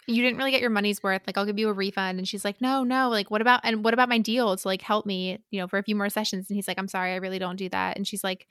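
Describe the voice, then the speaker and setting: A woman's voice: medium pitch, fairly even intonation, racing, few pauses, a bit bright, clean tone, no echo, clean studio sound. A young woman co-hosting a podcast, chatting casually and laughing often as she recaps a story and acts out the characters' lines. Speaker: podcast co-host. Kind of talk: casual chat recapping a novel.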